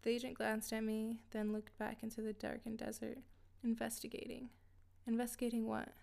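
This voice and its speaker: A woman reading a scripted first-person story in a steady, even way. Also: a little high, brisk, creaky. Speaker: narrator.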